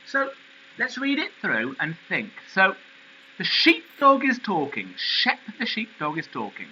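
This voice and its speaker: A male teacher explaining a poem in a recorded lesson, animated and questioning. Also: high voice, a little slow, muffled recording, slight background noise.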